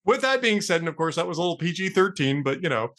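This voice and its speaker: A middle-aged man hosts a casual talk show and tells long jokes with plenty of voice play. His voice sits a little high and swings up and down as the story goes. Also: quick pace, a little hiss or hum. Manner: lively storyteller, animated pitch. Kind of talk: casual joke-telling chat.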